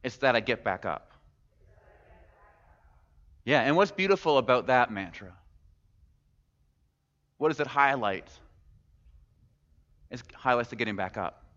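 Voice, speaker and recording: This pastor's sermon feels like conversation, full of rhetorical questions and easygoing humor. His medium-pitched voice is animated and a bit bright, though he speaks a little slowly and pauses often. The recording is muffled, with hall echo.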